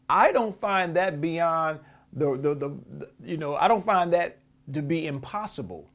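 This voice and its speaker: A man's voice: on the high side, lively intonation, unhurried. A man hosting a podcast, giving heated, profane commentary on a clip and often repeating words as he restarts. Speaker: podcast host. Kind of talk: reacting to a clip, casual commentary.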